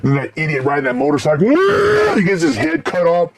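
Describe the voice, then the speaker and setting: A middle-aged man reviewing horror movies in a casual, rambling way, swearing constantly and breaking into loud laughs. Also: on the high side, wildly swooping pitch, a little fast, noisy background. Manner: profane, rambling, bursts into loud laughs and shouts.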